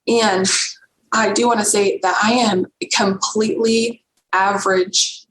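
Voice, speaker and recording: A woman guest on a podcast, telling a personal story in an earnest, emotional, halting way. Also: medium pitch, fairly even intonation, fairly bright tone. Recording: roomy echo with faint background noise.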